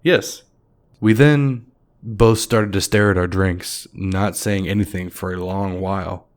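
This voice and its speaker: A man with a very deep, low voice narrates a horror story. His delivery is measured and somber, paced for a creepy tale. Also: steady tone.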